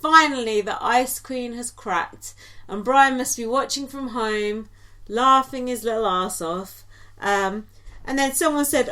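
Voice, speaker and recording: High-voiced chatty woman. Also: normal speed, fairly bright tone. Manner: chatty, lots of ums and likes, giggly asides. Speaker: podcast co-host. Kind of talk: casual recap chat.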